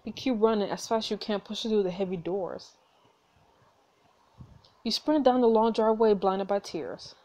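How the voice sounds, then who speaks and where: A woman hosting a story game playthrough, reading the text aloud and reacting with animated, outraged asides. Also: mid-range voice, moderate pace. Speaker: gameplay host.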